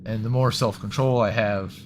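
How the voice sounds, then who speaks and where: Hesitant, stammering man with a lowish voice. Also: fairly even intonation, normal speed, slight background noise. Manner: hesitant and stammering, repeats words as he thinks. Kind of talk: casual conversation.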